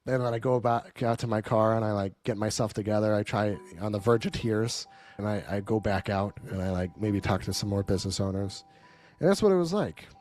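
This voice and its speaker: A man's voice: fairly low pitch, darkish tone. A man leading a live sales training, telling his own story in a blunt, casual, profane way and checking in with the audience.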